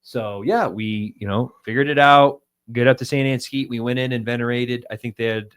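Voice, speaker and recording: A man in his thirties from the United States, co-hosting a casual podcast and telling a travel story with lively quoted voices. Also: mid-range voice, moderate pace, smooth. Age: 30s. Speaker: podcast co-host.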